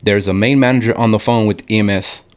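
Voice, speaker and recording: A man's voice: lowish voice, quick pace. A young man co-hosting a podcast, telling a story casually and acting out the people he quotes. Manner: animated storyteller, acts out quoted voices. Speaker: podcast co-host.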